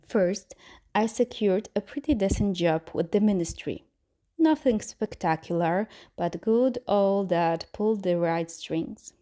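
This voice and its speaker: A woman's voice: medium pitch, unhurried, warm tone, natural voice. A woman reading as a sarcastic young man. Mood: mock-formal. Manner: dry, mock-formal. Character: sarcastic young man writing a wry letter.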